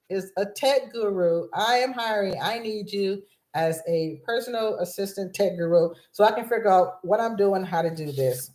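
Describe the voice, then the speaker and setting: A woman's voice: medium pitch, darkish tone. A woman in her fifties from Los Angeles, hosting a live video chat, bubbly and scattered, often restarting her sentences. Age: 50s. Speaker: vlog host. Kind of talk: excited rambling livestream chat. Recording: roomy echo.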